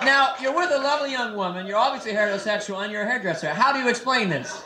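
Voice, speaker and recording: Young stand-up comic in echoey club. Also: male voice, sits high, expressive. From San Francisco. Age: 20s. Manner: quick, playful, teasing the crowd, slips into silly voices. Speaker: stand-up comedian. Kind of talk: live stand-up set with crowd work. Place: comedy nightclub stage. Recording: echoey club, noisy old live tape. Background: audience laughter.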